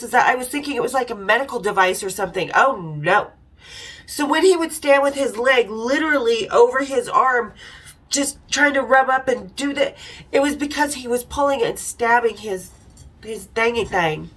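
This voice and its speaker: A woman's voice: a little high, expressive, normal speed, a bit bright, rough recording. A middle-aged woman telling frank, irreverent stories in a casual chat, now and then laughing. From Utah. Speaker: podcast host telling stories. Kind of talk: casual storytelling.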